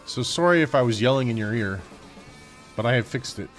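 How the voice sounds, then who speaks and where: A man's voice: medium pitch, animated, faint music behind. A man co-hosting a casual livestream chat on a desk mic, upbeat and teasing. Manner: upbeat, teasing, quick to exclaim. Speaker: co-host.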